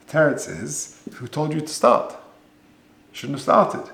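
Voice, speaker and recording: In an echoey room, a man gives a weekly Torah class as a rabbi, talking conversationally and mixing in Hebrew and Yiddish words and rhetorical questions. His medium-pitched voice is unhurried and a bit bright, with lively intonation and vocal fry.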